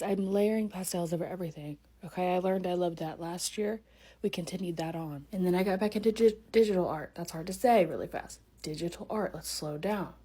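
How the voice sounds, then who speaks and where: A woman's voice: lowish voice, warm tone. A young woman chatting casually through a year of her art as a vlogger, bubbly and prone to interrupting herself. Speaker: artist vlogger. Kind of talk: casual vlog narration.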